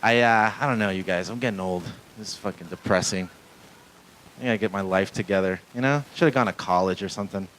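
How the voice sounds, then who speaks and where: His voice sits low and runs a little fast with a slightly bright quality, captured on a rough recording with some hiss or hum. He's a stand-up comic from a Mexican-American family doing a rambling, self-deprecating live set in a small club, swearing often and engaging the crowd.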